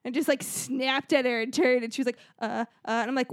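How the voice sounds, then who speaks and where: Woman podcast cohost, higher voice, rambly storytelling, dry close mic. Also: fairly even intonation, brisk, no room sound. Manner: chatty storytelling with frequent "like" and laughs. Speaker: podcast co-host. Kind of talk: casual podcast chat.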